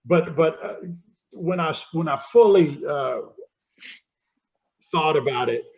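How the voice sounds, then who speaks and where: Halting man in his fifties, telling his story. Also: on the high side, lively intonation, a little mellow, highs cut off. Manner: halting, repeats words while telling a personal story. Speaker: podcast guest. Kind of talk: candid recovery storytelling.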